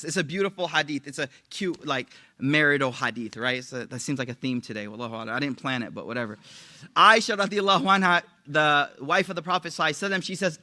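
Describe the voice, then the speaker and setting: Casting: man, high-pitched and very bright, relaxed preacher who mixes slang with Arabic quotes. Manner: informal, slangy and joking, quotes Arabic then paraphrases. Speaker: Islamic teacher. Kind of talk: casual religious talk.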